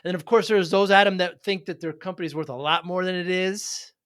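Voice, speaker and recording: A man's voice: high-pitched, fairly even intonation, a little fast, a bit bright, smooth, no room sound, studio quality. A man hosting a podcast interview, asking questions in a conversational way and humming along as he listens. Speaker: podcast host.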